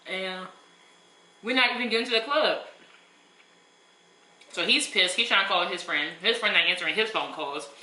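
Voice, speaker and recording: Young woman, animated storytime, very bright voice, echoey room. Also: mid-range voice. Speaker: vlogger. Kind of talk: casual storytime while eating.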